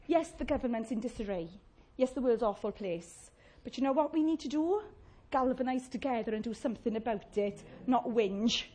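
A woman's voice: on the high side, animated, brisk, warm tone. A woman preaching a chatty, humorous sermon, acting out little voices of complainers.

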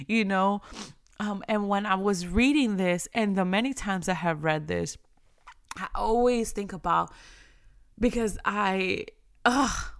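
A woman's voice: mid-range voice, gravelly, clear, resonant tone, no room sound, clean studio sound. A woman giving a conversational devotional talk, earnest and repeating phrases for emphasis. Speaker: devotional speaker.

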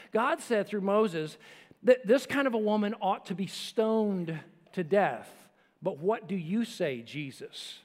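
A man preaching a sermon with emphasis, swinging between forceful lines and hushed ones. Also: high-pitched, long reverb tail. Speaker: pastor.

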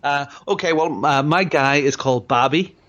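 A man's voice: on the high side, moderate pace, fairly bright tone. A man in a casual gaming chat, wry and opinionated, asking his co-host questions. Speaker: podcast co-host. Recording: dull lo-fi audio.

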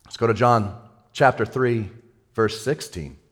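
A male pastor giving a sermon in a casual, excitable way, with everyday slang. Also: lowish voice, moderate pace.

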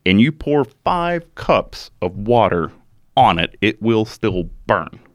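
Lively man telling a crime story. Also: fairly low pitch, slow, dry recording, clean studio sound. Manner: animated, swearing, laughs at himself. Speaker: podcast co-host. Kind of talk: casual true-crime storytelling.

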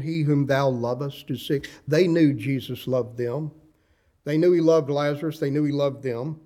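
A man in his sixties, a pastor preaching a sermon with slow, impassioned delivery and dramatic pauses, reading scripture in old-fashioned wording. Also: on the high side, darkish tone.

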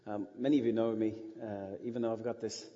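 A man's voice: on the low side, flat delivery, fast, mellow. A middle-aged man from Ohio with a slight Russian-tinged American accent, telling stories as a guest speaker at church, folksy and rambling. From Ohio, USA. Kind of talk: church talk, storytelling. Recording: muffled hall recording.

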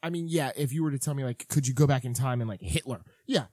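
A man co-hosting a podcast in casual chat, rambling with halting restarts. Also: medium pitch, dark tone, no room sound, studio quality. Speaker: podcast co-host.

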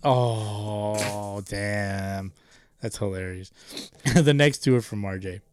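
A man's voice: on the low side, slow pace, noisy background. A man co-hosting a casual podcast, reading listener jokes aloud, laughing often and cursing freely. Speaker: podcast co-host. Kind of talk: casual chat.

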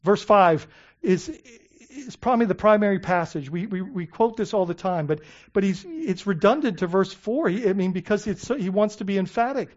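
A pastor delivering a sermon in an emphatic, earnest way, stumbling into repeated words and tossing questions back to the listeners. The pitch sits in a middle range. The recording sounds muffled and lo-fi. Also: animated, moderate pace, darkish tone.

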